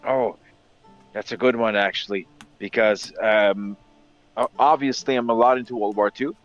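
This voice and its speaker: A young man with a French-Canadian accent, on a live stream call, who speaks low and stops often to search for his words. His lo-fi mic sounds dull and muffled, with soft music in the background. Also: fairly even intonation, moderate pace. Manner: hesitant, with many ums and restarts. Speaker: guest. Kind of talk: casual chat. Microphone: home computer mic on a live stream call.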